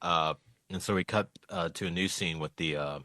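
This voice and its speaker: A lower-pitched man with a bright, forceful tone recaps a comic with lively, joking energy. The recording is dry and close. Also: moderate pace, no room sound. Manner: animated, joking. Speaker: podcast guest. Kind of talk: casual chat, comic recap.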